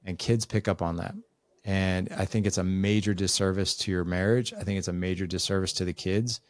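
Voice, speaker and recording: A middle-aged man with a very deep voice, speaking as a podcast guest. He tells family stories and slips into the voices of the people in them. The recording is dry and close. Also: steady tone, a little fast, no echo. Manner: storytelling, acts out family dialogue. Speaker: guest, author and father. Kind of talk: conversational podcast interview.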